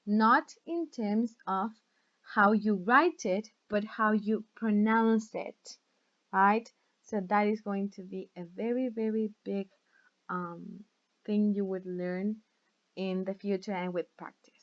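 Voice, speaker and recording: A woman's voice: medium pitch, fairly even intonation, highs cut off. A woman teaching English as a recorded online lesson, speaking English, patient and often checking in with the class. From Latin America. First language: Spanish. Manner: slow, patient, checks in with "right?" and "okay?".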